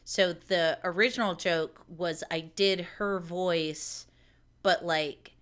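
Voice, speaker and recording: A woman's voice: fairly low pitch, steady tone, slow, a bit bright. A woman co-hosting a podcast, chatting casually and laughing. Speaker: podcast co-host. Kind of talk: casual chat.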